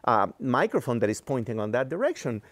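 Patient, measured man explaining technical topics. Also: mid-range voice, big pitch swings. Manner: patient explaining, frequent fillers. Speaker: engineering executive guest. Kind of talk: explaining in an interview.

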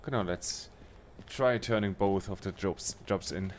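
A young man with a very low, deep voice talks his way through a train game on stream. He mutters his plans half to himself, restarting phrases as he goes. A faint hum of background ambience sits under the voice. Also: a little slow. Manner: muttering to himself while planning, with short restarts. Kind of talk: casual let's-play commentary.

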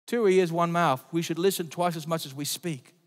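A man preaching a sermon as pastor, emphatic, swinging between loud declarations and quiet asides. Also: on the high side, normal speed. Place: church. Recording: long reverb of a church hall.

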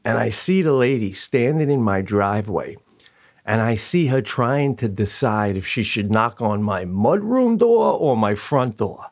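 A man's voice: lowish voice, animated, measured pace, darkish tone. A man co-hosting a podcast who tells stories in casual chat, swearing freely and laughing often. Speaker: podcast co-host.

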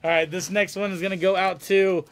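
A man's voice: high-pitched, little pitch movement, fairly quick. A man hosting a live autograph signing stream in casual chat, laughing and joking often.

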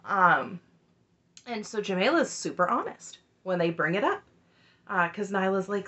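A woman's voice: medium pitch, lively intonation, moderate pace, fairly bright tone, muffled recording. A woman casually recapping a reality TV episode, chatty and opinionated, with wry asides.

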